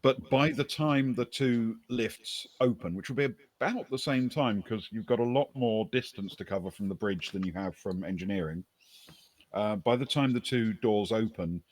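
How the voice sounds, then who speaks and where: A man with a lowish voice runs a tabletop game, narrating each scene in an unhurried, pausing way. The sound is dry and close, with no room around it. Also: dry recording. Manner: descriptive, unhurried narration with many pauses. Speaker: game master.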